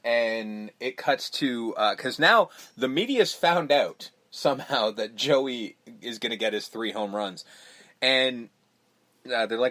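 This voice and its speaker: A man co-hosting a casual film podcast, retelling scenes with quick impressions of the characters, swearing and laughing. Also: medium pitch, fairly bright tone. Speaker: podcast co-host. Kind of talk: casual movie recap chat.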